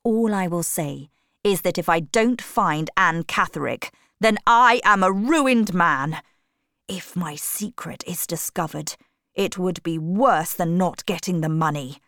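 A woman's voice: lowish voice, measured pace, a bit bright, no room sound, clean studio sound. A woman reading an audiobook voices a desperate, hot-tempered baronet, a middle-aged man who speaks urgently and anxiously. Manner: agitated, raised, urgent.

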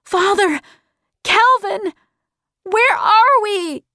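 A woman's voice: extremely high pitch, extremely slow, pushed and bright, dry recording, studio quality, voice pushed up, heavily acted. A woman voicing a teenage girl who pleads with emotion in a storybook reading. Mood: excited. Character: teenage girl, desperate and loving.

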